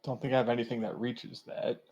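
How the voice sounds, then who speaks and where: A man's voice: medium pitch, little pitch movement, brisk, darkish tone, dull audio. A man playing a tabletop game, talking casually, swearing freely and laughing easily. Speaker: player.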